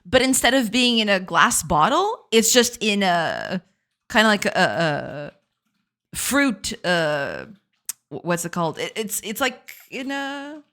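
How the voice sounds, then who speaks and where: A woman streaming her game development live, chatting casually and laughing often, and repeating words as she searches for them. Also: mid-range voice. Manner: laughs often and reacts warmly to chat.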